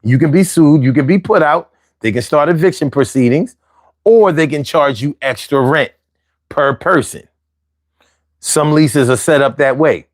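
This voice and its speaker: A man's voice: a little high, measured pace, dry recording, clean studio sound. A man with a Philadelphia accent hosting his own show, giving casual, slangy advice with jokey asides. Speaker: host.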